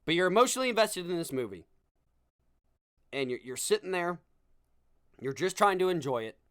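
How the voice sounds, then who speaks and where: A man's voice: high-pitched, sing-song, a little fast, a bit bright, clean tone, no room sound, clean studio sound. A young man hosting a podcast, delivering a sarcastic comedic rant with self-deprecating asides. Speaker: podcast host. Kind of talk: comedic monologue.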